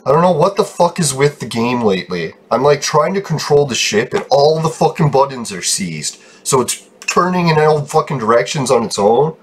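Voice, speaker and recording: A man's voice: medium pitch, expressive, moderate pace, hardly any pauses, slight background noise. A young man giving profane, frustrated commentary over his gameplay, breaking into laughs. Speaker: game video creator.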